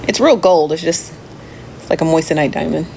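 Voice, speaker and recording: A woman with a low voice chats casually on a live show, answering comments and cursing freely. She laughs easily and calls her viewers "friend." A faint hiss sits under the recording. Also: brisk, vocal fry, dark tone. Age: adult. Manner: chatty, profane, laughs often, talks straight to viewers as "friend". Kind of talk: casual chat.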